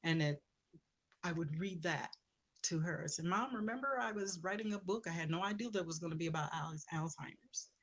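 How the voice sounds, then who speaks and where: A woman, an author guest in an interview, telling a personal story in a heartfelt, conversational way, often searching for words. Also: low voice.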